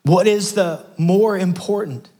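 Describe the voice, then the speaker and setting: A man's voice: sits high, a little slow, dark tone. A middle-aged man preaching a sermon as pastor, passionate and building to emphatic peaks.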